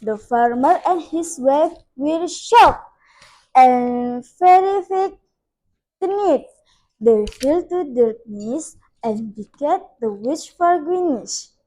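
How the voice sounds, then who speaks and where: A young Indonesian-accented woman reads a fairy tale aloud as a school storyteller. Her voice sits high and she takes her time over every phrase, with the odd slip along the way. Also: lively intonation, warm tone, low-quality recording. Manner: slow, careful reading with small slips. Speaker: student storyteller.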